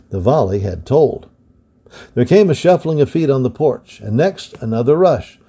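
A man with a gravelly voice reading a historical adventure book aloud in a steady, measured way. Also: mid-range voice. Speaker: storybook reader.

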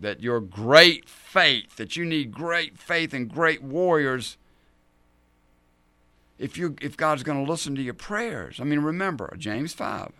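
A male pastor preaching a sermon in an animated way, acting out the scripture he reads. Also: mid-range voice, no room sound. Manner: animated, dramatizes scripture in voices.

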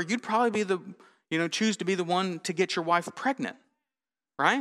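A man preaching in a church, his voice bright and ringing, clean and resonant. He talks to the congregation like he's chatting with them, telling stories with a dry, self-mocking humor. The long tail of a big hall's reverb hangs behind every phrase. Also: a little high, brisk. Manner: conversational, storytelling, self-deprecating humor. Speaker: pastor. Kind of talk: sermon.

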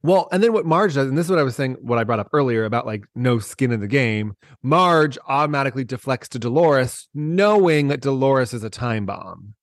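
A man in casual chat, recapping episodes with jokes and frequent laughs. His voice sits at an everyday middle pitch. The recording is dry and close, with no room sound. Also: animated, a little fast, few pauses, no echo. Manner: chatty, joking, laughs often. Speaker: podcast co-host.

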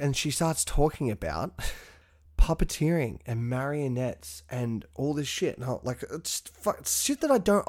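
Young aussie guy hosting a pep-talk podcast, swears a lot, punchy and fired up, mid pitch. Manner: profane, punchy, animated. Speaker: podcast host. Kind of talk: motivational podcast monologue.

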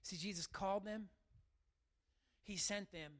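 A man preaching a sermon to his church, animated and talking straight to the congregation. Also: sits high, a little slow. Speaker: pastor.

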